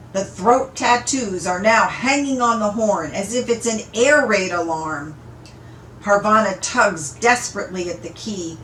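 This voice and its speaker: A woman reading a novel aloud in an unhurried, amused storytelling manner, in an echoey room. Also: medium pitch, fairly bright tone, a little hiss or hum. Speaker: audiobook reader. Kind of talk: read-aloud story narration.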